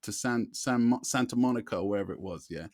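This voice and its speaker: A man, co-hosting a podcast and telling a long story in a lively way, often asking "you know what I mean". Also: medium pitch, quick pace, no echo, studio quality. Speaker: podcast co-host. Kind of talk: casual storytelling chat.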